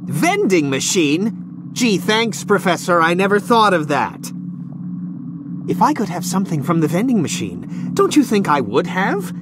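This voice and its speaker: A man's voice: big pitch swings, a little slow. An actor playing an irritable, hungry middle-aged male scientist in a video game, short-tempered and sarcastic, then sheepishly sorry. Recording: loud rumbling noise behind.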